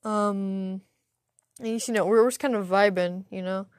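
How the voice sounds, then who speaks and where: A woman's voice: medium pitch, steady tone, measured pace, darkish tone, smooth, no room sound, studio quality. A young adult woman hosting a podcast, telling a rambling, profane story full of stuttering restarts. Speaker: podcast host. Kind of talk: casual solo storytelling.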